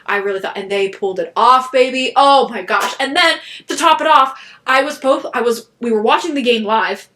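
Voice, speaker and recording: Woman podcast co-host, excitable rambler, bright tone. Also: fairly high pitch, moderate pace, a little hiss or hum. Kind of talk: casual chat.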